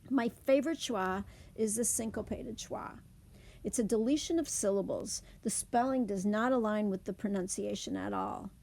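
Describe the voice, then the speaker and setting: Woman, teacher, phonics lesson, careful word-by-word demonstration, gravelly tone. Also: mid-range voice, darkish tone. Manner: clear, deliberate demonstration of words.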